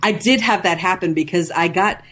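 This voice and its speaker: A woman's voice: lowish voice, moderate pace, a bit bright, a little hiss or hum. A woman co-hosting a podcast, telling rambling game stories in casual chat, chatty and giggly. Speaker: podcast co-host.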